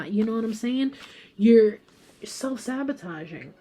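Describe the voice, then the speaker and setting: A woman giving a casual pick-a-card tarot reading, chatty and emphatic, talking straight to her viewers and sometimes dropping to a soft whisper for emphasis. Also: fairly high pitch, a little slow, husky. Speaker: tarot reader.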